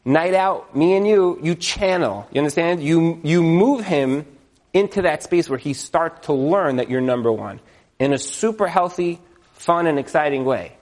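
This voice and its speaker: A man explaining marriage advice in a loose, conversational teaching style. His voice sits a touch high, and he slips into little acted-out scenes with frequent chuckles. The delivery is animated and informal. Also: moderate pace. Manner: animated, acts out quotes, chuckles often. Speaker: marriage educator. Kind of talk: casual teaching talk.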